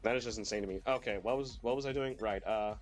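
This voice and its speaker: A young man streams a video game while sick, talking at a quick pace in a mid-range voice that sometimes cracks, with music playing behind him. His casual commentary rambles, full of fillers and the occasional swear.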